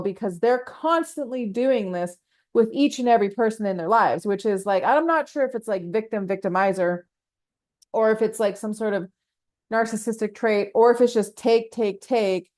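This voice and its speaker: A woman hosting a solo podcast, talking casually and rambling, laughing often and acting out quotes with lively ups and downs. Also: a little high, normal speed. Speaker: podcast host.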